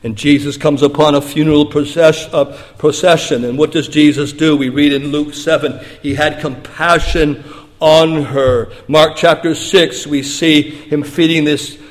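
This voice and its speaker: A fairly high-voiced man preaching a sermon, his words trailing into a long, echoing reverb. He drops to hushed, low passages and then lifts into emphatic, raised lines. It sounds like a pastor in a church hall. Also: fairly even intonation, measured pace.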